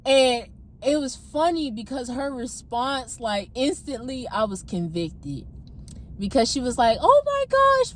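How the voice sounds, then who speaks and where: Chatty young woman telling a story. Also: high voice. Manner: animated, laughs often, voices her own past outbursts. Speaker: testimony vlogger. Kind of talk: casual storytelling. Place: parked car.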